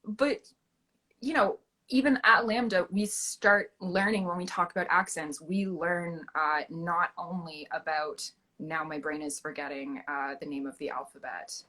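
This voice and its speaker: A young woman from Canada, chatting as a guest actress in a casual interview, animated and full of fillers and restarts. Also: on the low side, a little slow.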